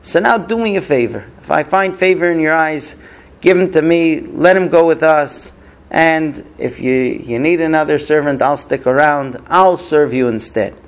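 A man's voice: fairly high pitch, normal speed, lightly acted. A man voicing Yehuda, a brother earnestly pleading to serve in his brother's place. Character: Yehuda, a pleading brother offering himself as servant.

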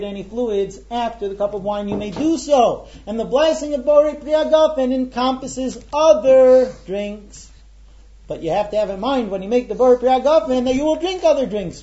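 A man leading a ritual meal and explaining each step to his guests in a brisk, good-humored way. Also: very high-pitched, mellow, muffled recording. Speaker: seder leader. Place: room with a group of guests.

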